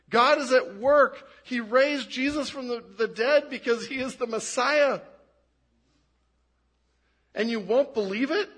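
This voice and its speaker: Male pastor, high voice, animated sermon delivery with hushed low emphasis. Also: husky. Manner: animated, frequent restarts, drops to low quiet emphasis.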